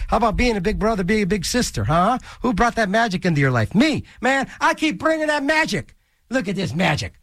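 Goofy college radio dj guy, high bouncy voice, riffing and joking between tracks. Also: fairly bright tone, dry recording, studio quality. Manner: goofy, rambling, jokey asides. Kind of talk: casual radio DJ patter. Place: small radio studio. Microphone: studio mic.

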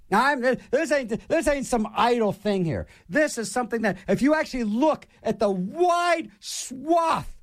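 A man's voice: very high voice, expressive, unhurried, hardly any pauses, dry recording, studio quality. A man from Pittsburgh hosting a show, delivering a playful, mock-argumentative comic rant.

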